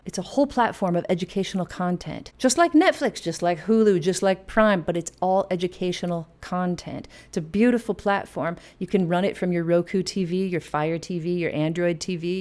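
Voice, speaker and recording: A woman's voice: fairly low pitch, a little mellow. A woman hosting a casual piano lesson and plugging her classes, chatty and enthusiastic with playful asides. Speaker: music teacher and host. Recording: faint piano music behind. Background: piano playing.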